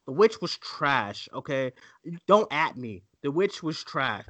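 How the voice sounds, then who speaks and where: A man's voice: medium pitch, takes it slowly. A man co-hosting a casual movie podcast, ranting and mimicking voices as he talks. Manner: animated, ranting, mocking voices. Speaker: co-host.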